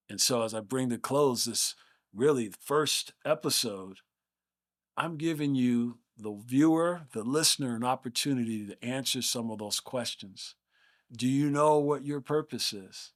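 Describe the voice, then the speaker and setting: A man's voice: medium pitch, lively intonation, unhurried. Earnest man hosting a leadership podcast. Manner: earnest, emphatic, rhetorical questions. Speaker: podcast host. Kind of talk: motivational podcast monologue.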